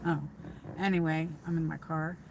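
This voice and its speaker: A woman from upstate New York hosts a livestream from her car, chatting casually and rambling with plenty of fillers and restarts. Her voice is low and flat at normal speed, with background noise present.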